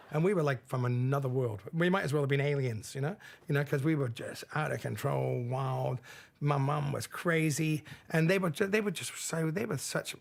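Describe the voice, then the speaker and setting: A man telling blunt, animated stories about his childhood, swearing freely. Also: on the high side, brisk, creaky. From Australia. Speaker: interviewee. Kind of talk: casual storytelling.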